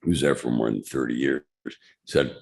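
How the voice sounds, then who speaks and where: Gravelly low-voiced older man telling a story. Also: steady tone, moderate pace, darkish tone. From Chicago, USA. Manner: anecdotal, acts out quoted voices. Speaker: guest speaker. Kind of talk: storytelling talk. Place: club meeting room.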